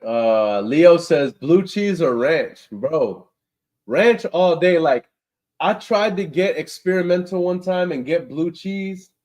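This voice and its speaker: Young guy, aave, chills on stream reading chat out loud, slow and kinda high, laughs a lot. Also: expressive. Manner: slangy, laughs often, reacts to chat comments. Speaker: livestream host reading chat. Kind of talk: casual livestream chat.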